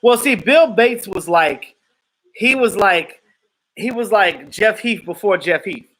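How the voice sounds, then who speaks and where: Man, live stream host, high voice, bright and forceful, animated casual chat. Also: takes it slowly, low-quality recording. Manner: animated, laughs often, acts out quotes. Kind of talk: casual chat reacting to viewers.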